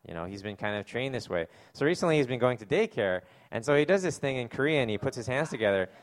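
A man preaching a sermon, reading scripture slowly and then telling stories in a loose, chatty way with many fillers. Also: expressive. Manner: acts out quoted people in loud high voices. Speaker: pastor.

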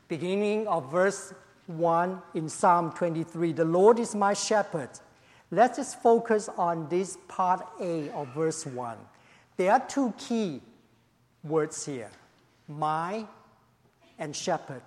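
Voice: mid-range voice, animated, slow, darkish tone. An emphatic pastor preaching a sermon after an opening prayer. The speaker hammers home key phrases by repeating them and leans on "you know" between thoughts. The voice rings out with a long reverb tail, as in a large church hall.

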